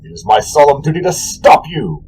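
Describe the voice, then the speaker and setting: Zealous angelic warrior, male, played by a man, slow booming declamation, higher than usual. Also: very animated, slight background noise, low-quality recording. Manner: slow, declaiming, shouting threats.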